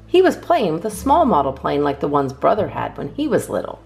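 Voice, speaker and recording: A woman narrating a children's storybook aloud in a lively, expressive way. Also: sits low, a little fast, gravelly, soft background music.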